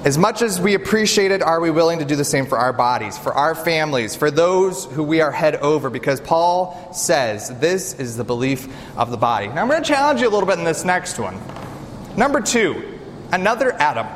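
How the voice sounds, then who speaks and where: A male pastor delivering a sermon in a high voice, asking his listeners question after question. His words ring out in a large reverberant hall with faint room noise underneath. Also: a little fast. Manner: animated, rhetorical questions to the congregation.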